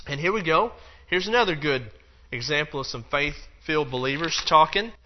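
A man's voice: fairly high pitch, moderate pace, lo-fi sound, slight background noise. A man teaching a Bible lesson in a loose, conversational way, acting out the quotes and dropping in plenty of fillers. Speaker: preacher.

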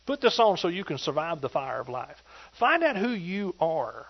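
A man delivers a sermon in a high, ringing voice, pressing each point with emphatic, call-and-response energy toward his congregation. The recording is dull and lo-fi, with muffled treble. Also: very animated, normal speed. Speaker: preacher.

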